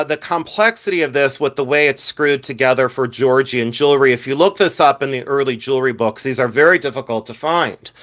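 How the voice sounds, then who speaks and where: A man's voice: mid-range voice, a bit bright. A middle-aged man hosting a casual jewelry livestream, blunt and a bit exasperated, with lots of "uh" fillers.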